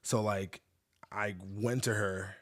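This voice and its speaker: Low-voiced man speaking in halting bursts. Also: fairly even intonation. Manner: halting, repeats words when starting sentences. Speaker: podcast guest. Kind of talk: casual conversation. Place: host's home studio.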